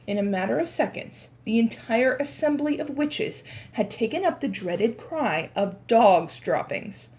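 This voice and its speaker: A woman's voice: fairly high pitch, lively intonation, normal speed, darkish tone. A woman reading a chapter book aloud to children with expression, then asking her listeners questions about it. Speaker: read-aloud presenter.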